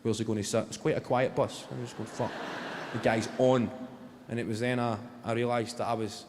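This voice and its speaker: A man in his twenties with a Glaswegian Scottish accent, doing a stand-up routine and telling stories in an animated, profane way. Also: mid-range voice, brisk, background noise. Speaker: stand-up comedian. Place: live venue on stage. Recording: long hall reverb, loud ambience.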